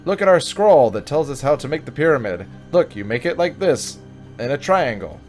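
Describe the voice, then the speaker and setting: A man putting on a silly, halting accented voice for an ancient Egyptian pyramid builder who is unsure of himself. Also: a little high, very animated, a little mellow, faint music behind, voice pushed up. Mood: doubtful. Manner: halting, shrugging, heavily accented put-on.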